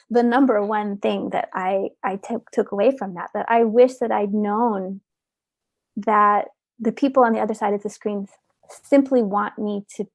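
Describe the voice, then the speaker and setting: A woman's voice: medium pitch, creaky, no echo. A woman guest on an interview, talking casually and earnestly, often repeating words as she gathers her thoughts. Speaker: orchestra oboist, interview guest.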